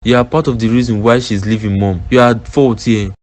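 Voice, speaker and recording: A man with a Nigerian accent voicing a lovesick young man in an animated drama, pleading and urgent. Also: medium pitch, fairly quick, lightly acted.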